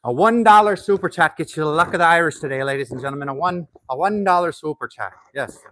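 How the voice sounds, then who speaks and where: A man's voice: on the high side, lively intonation, fast, fairly bright tone, no echo. A man putting on a cheeky Irish huckster voice with a brogue and salesman patter. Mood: hawking.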